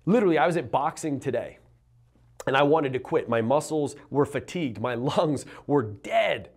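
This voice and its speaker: A man coaching entrepreneurs in a motivational talk to camera, earnest and emphatic, slowing down on key phrases. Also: mid-range voice, lively intonation.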